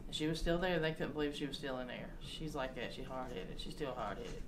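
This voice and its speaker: A woman's voice: rumbling low, a little fast. A woman in her forties, a mother chatting and telling family stories, laughing often and trailing off mid-sentence. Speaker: mother sharing memories. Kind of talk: casual family storytelling. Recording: noisy home video.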